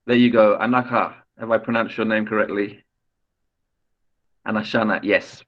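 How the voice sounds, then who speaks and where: A man's voice: lowish voice, steady tone, moderate pace, dull audio. A man lecturing on poetry in an online class, explaining patiently, often restarting phrases and asking students questions. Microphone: video call.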